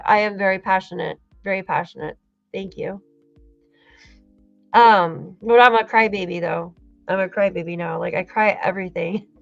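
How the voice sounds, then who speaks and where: A woman's voice: mid-range voice, no room sound, lo-fi sound. Emotional woman chatting on a livestream. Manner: emotional, thanks viewers, rambling with restarts. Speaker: true crime livestream host. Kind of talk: casual livestream commentary.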